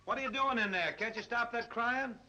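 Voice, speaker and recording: An actor playing a relaxed, good-natured cab driver who chuckles easily, in 1930s film comedy style. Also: male voice, extremely high pitch, brisk, very noisy. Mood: easygoing. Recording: muffled 1930s film soundtrack with score.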